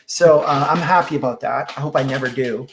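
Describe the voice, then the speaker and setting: A middle-aged man guesting on a podcast, telling a story in a very expressive, animated way. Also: medium pitch, fairly quick, slight background noise. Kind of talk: casual storytelling interview.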